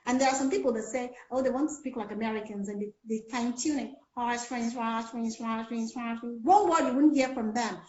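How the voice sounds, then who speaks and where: Her voice sits on the high side with a darkish tone: a Nigerian woman giving casual speech and pronunciation coaching over a call. She fills her explanations with lots of fillers, and the audio is echoey and low-fi.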